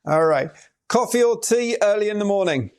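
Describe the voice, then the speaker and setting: Male host, raspy-edged and a bit high, upbeat, asking quick questions. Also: animated. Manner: upbeat, enthusiastic reactions. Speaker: interview host. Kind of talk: casual interview chat.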